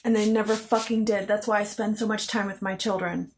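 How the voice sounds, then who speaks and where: A vlogger tells her own story to camera in an emotional, intense, and bitter way, swearing heavily and repeating phrases for emphasis. She has a mid-range voice with a level tone and a brisk pace.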